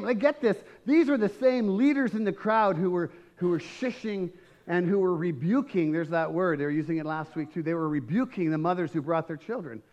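A male pastor preaches a sermon in a fairly high voice. He is emphatic and swells into shouts, and he keeps checking in with his listeners with quick questions. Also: expressive, dull audio. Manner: emphatic, rising to shouts, asks the congregation questions.

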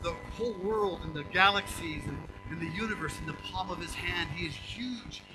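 Older male pastor, high and animated. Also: low-quality recording. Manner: animated, emphatic, acts out quotes, chuckles. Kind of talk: sermon.

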